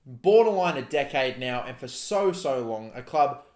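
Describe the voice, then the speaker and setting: A man's voice: medium pitch, lively intonation, moderate pace, darkish tone. A young Australian man with an Australian accent, ranting furiously with heavy swearing. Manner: furious, profane, heated ranting. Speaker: football fan vlogger. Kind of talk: angry rant to camera. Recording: roomy echo.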